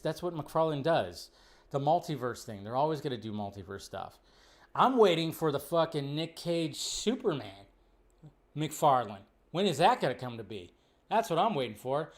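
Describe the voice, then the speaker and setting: A man hosting a casual live stream, talking loosely and swearing freely, sometimes mocking fans in a high put-on voice. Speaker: show host.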